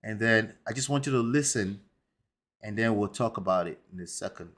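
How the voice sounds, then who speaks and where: A man's voice: lowish voice, normal speed, fairly bright tone. A man hosting a commentary show, talking emphatically and tagging points with rhetorical questions. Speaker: host.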